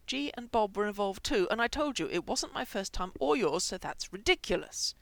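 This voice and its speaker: A woman's voice: mid-range voice, expressive, moderate pace, fairly bright tone, no room sound. A woman voicing an indignant young man turned into a hamster, prone to swearing outbursts. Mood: snappish.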